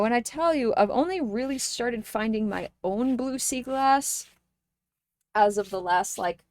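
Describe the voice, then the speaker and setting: A young woman streamer chatting casually with her viewers, playful and joking, with sudden loud bursts. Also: mid-range voice, clear, resonant tone, no room sound. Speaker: live streamer.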